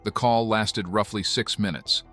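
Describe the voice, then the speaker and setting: A man giving scripted documentary narration in an even, measured way. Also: lowish voice, soft background music.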